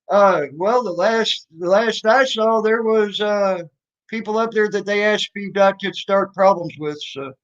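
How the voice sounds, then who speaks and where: A livestream host talks casually in a high voice, a little slowly, with a mocking, sarcastic tone and rambling restarts. The stream audio is dull and lo-fi.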